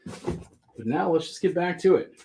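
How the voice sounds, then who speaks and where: A man's voice: on the high side, expressive, a little slow, vocal fry, mellow, slight background noise. A man hosting a live comic book sale, listing issues casually and joking in rambling asides. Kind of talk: casual live-stream selling.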